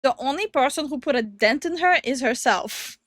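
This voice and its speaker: A woman co-hosting a casual reaction video, giggly and animated, laughing often as she talks. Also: sits high, normal speed, no echo, studio quality. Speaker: co-host of a reaction channel.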